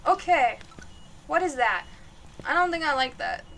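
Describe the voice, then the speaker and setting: A woman streamer chatting through a horror game live, jumpy and giggly, yelling out to the ghost now and then. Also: high-pitched, expressive, measured pace, slight background noise. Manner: chatty, jumpy, laughs often, calls out loudly to the ghost.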